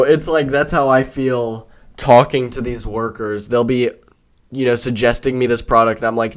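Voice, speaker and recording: A man's voice: mid-range voice, fairly even intonation, moderate pace. A man hosting a solo podcast, ranting in an exasperated, rambling way with frequent restarts. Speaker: podcast host. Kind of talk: solo rant monologue.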